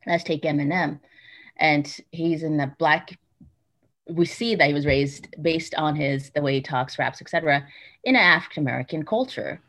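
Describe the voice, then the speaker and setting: A woman calmly explaining her view in a casual interview, emphatic and a little lecturing. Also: sits low, moderate pace. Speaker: interview guest. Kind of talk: casual conversation. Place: Utah.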